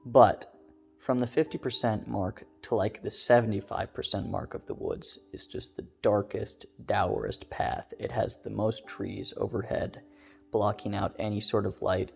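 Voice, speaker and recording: Man, casual rambling storyteller, low gravelly voice, faint guitar music behind. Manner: rambling, loose, many "like" fillers. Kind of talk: casual first-person storytelling.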